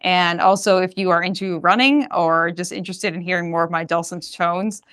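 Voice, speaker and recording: A woman's voice: fairly low pitch, fairly even intonation, a little fast, fairly bright tone, clean tone. A woman with a Boston accent, a guest chatting casually on a podcast with frequent fillers. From Massachusetts.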